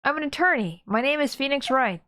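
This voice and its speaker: A woman's voice: sits high, lively intonation, brisk, pushed and bright, dry recording, studio quality, pitched above the performer's own voice. A woman reading the lines of an earnest young male defense attorney in a level, questioning way. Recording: game music behind.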